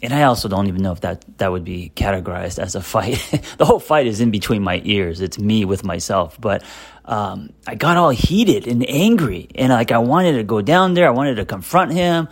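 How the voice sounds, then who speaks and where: A man's voice: lowish voice, expressive, moderate pace. A middle-aged man, a therapist, musing candidly in a casual self-help monologue, hesitant with many fillers and restarts. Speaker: therapist and podcast host.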